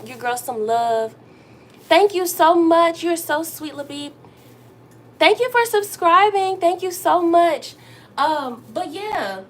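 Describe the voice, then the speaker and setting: Young woman chatting on her live while cooking, kinda high voice, squeals hi to viewers, light hum behind. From Texas. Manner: chatty, talks straight to viewers, bursts up high to greet them. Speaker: livestream host. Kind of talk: casual livestream chat while cooking. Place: home kitchen.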